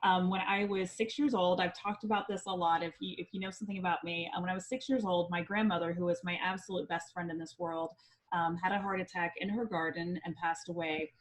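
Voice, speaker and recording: A woman from Indiana, a psychic medium guest on a podcast, telling a personal story in a chatty, lively way with frequent ums. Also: fairly low pitch, brisk, poor audio.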